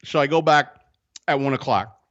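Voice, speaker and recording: A man telling a story in a casual podcast chat, animated and profane, acting out the people in it. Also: mid-range voice, moderate pace, highs cut off. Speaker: co-host.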